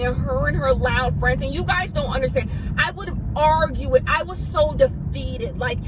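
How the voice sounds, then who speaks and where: A woman's voice: high voice, very noisy. A woman in her twenties telling a personal story in a vlog, rambling and emotional with lots of fillers. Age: 20s.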